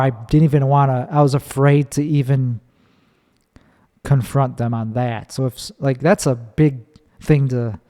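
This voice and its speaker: A man's voice: medium pitch, a little mellow. A man hosting his own podcast, rambling casually and swearing freely as he tells a story. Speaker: podcast host. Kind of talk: casual solo monologue. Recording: long echoing reverb.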